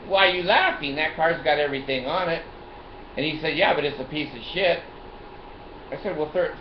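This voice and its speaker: A man's voice: a little high, reverberant, lo-fi sound, slight background noise. An older man hosting his own show, telling a rambling, bawdy, boastful story and laughing often. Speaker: show host.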